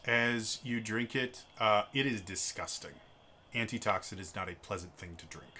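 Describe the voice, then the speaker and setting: A man narrating as game master of a tabletop game, casual and relaxed, with frequent fillers. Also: lowish voice, normal speed, a little hiss or hum.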